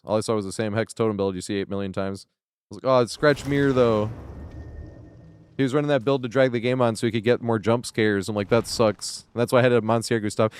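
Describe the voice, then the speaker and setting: A man's voice: medium pitch, clean tone. Easygoing man in casual stream chat. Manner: rambling, filler-heavy, laughs often. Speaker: game streamer.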